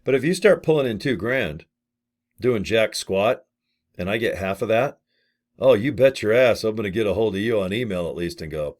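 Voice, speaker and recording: His voice is on the low side and a little mellow, brisk and animated. In his late fifties, this network marketing affiliate gives a casual to-camera sales chat about a business opportunity, folksy and blunt, with mild cursing and rambling tangents.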